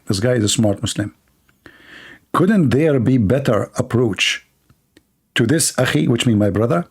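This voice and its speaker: A man's voice: medium pitch, darkish tone, breathy edge. A man giving mocking live-stream commentary while reading viewer comments aloud, sarcastic and teasing. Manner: sarcastic, teasing, laughs at his own jokes.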